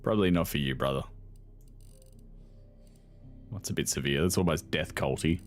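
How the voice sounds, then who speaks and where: A man's voice: very deep voice, quick pace, faint music behind. A young man commentating on a video game in a casual, sarcastic way, swearing freely and laughing often. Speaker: gaming video host.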